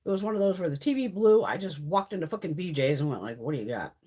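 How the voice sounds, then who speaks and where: A woman's voice: on the low side, animated, fast, dark tone. A woman hosting a beauty livestream from home, chatting casually in a blunt, profane way while sick. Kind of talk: casual live-stream chat.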